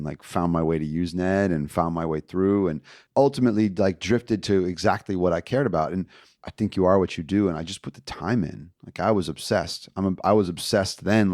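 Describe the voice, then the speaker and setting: A middle-aged man from Indiana, a podcast guest telling stories from his past in a casual, animated way and acting out the people he quotes. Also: deep voice, no echo, clean studio sound. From Indiana, USA. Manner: animated storyteller, acts out quoted voices. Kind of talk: casual storytelling interview.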